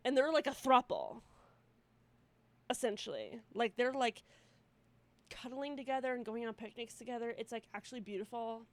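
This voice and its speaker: A young woman co-hosting a casual podcast, telling stories in an animated way, with plenty of swearing and laughter. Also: a little high, moderate pace. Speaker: podcast co-host. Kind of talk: casual chat.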